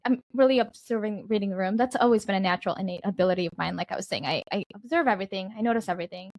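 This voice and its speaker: A woman's voice: mid-range voice, racing, darkish tone, no echo. A woman who is an events director, a guest on a casual interview show, talking easily.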